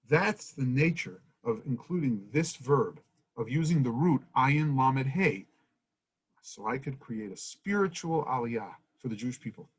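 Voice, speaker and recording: A man's voice: medium pitch, breathy edge, rough recording. A man teaching a Torah study lesson, reading Hebrew verses and translating them in an earnest teaching manner.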